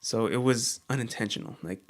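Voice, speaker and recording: A man co-hosting a casual chat show, talking in a halting way with many fillers and restarts. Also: medium pitch. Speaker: co-host.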